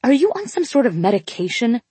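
A woman voicing a furious young woman in an audiobook, yelling and growling through clenched teeth. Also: on the high side, sing-song, fairly quick, breathy edge, no room sound, pitched above the performer's own voice, heavily acted. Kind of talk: audiobook dialogue.

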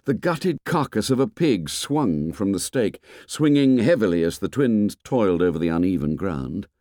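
A man narrating a novel in a measured, expressive storytelling voice. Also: fairly low pitch, dry recording, clean studio sound. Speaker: audiobook narrator. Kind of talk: scripted narration.

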